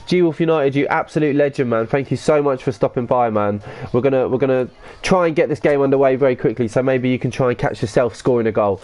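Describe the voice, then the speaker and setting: Excitable man streaming a game. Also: medium pitch, brisk. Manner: excitable banter with swearing and slang. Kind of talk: live gaming stream commentary reading chat.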